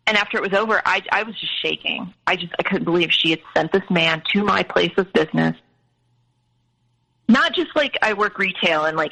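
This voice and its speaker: A woman's voice: fairly low pitch, big pitch swings, brisk, vocal fry, bright, forceful tone, rough recording. A woman guest in an interview, candidly retelling a personal story in a conversational way.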